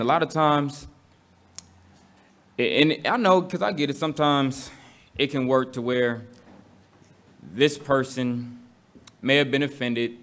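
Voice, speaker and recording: Man, Bible study teacher, casual slangy speech, questions to the room, conversational. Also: medium pitch. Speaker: congregation teacher.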